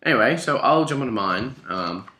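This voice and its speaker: Animated young Australian man, echoey room. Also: mid-range voice, normal speed. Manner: animated, rambling, swears freely. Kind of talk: casual chat with housemate.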